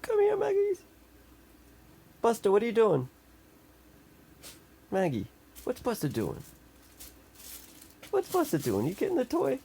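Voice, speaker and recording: Gravelly man cooing baby talk. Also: huge pitch swings, unhurried, long pauses, dark tone. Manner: coos in sing-song baby talk, swooping high. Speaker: pet owner.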